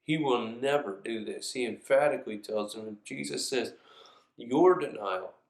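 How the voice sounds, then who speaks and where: A man's voice: mid-range voice, normal speed, creaky. A man preaching a sermon in an earnest, reflective way, reading scripture aloud in a church. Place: church sanctuary. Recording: echoey room.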